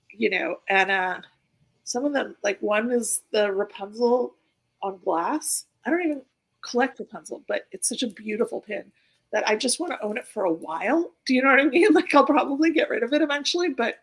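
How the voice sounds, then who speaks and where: Female live-stream host; rambling casual chat, gravelly texture, fairly high voice. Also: moderate pace, poor audio. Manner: chatty, rambling, many fillers and restarts.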